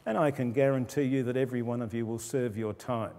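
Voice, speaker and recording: A man's voice: fast, few pauses, warm tone. Older male pastor preaching in a reverberant church. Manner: conversational preaching, lowering his voice for quoted asides. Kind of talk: sermon.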